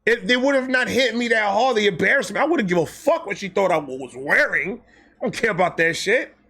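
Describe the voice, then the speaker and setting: A young man telling a casual, comedic story, animated, acting out quotes with slang and swearing. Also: high-pitched, brisk, breathy edge. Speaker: storyteller host.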